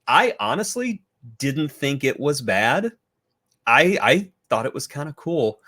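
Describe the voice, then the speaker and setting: An easygoing man talking films on a podcast. His voice is bright and forward, with lively rises and falls. He fills his pauses with relaxed asides. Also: mid-range voice. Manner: easygoing, drawn-out with fillers. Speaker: podcast host. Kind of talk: casual film review chat.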